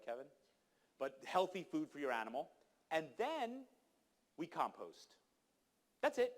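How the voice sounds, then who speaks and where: Emphatic man giving a conference talk. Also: a little high. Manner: emphatic, exhorting, acts out quoted people. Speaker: conference speaker. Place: conference hall.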